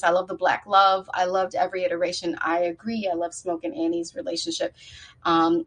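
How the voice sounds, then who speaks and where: A woman's voice: lowish voice, a bit bright, low-quality recording. A woman on a podcast panel, talking with passion and building one point on another as she breaks down a film's symbolism. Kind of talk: casual discussion.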